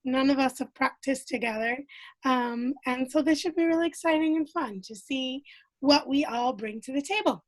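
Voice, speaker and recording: Woman hosting a live stream over a video call, high voice, chatty and sorry-sounding. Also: normal speed, dry recording, poor audio. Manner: apologetic, upbeat. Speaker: host. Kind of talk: casual introduction to a live stream.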